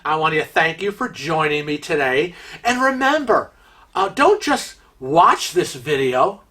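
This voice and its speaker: Bright-voiced man ranting exasperatedly. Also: fairly high pitch, very animated, a little slow. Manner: frequent fillers and restarts. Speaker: cruise vlog host. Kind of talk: storytelling monologue.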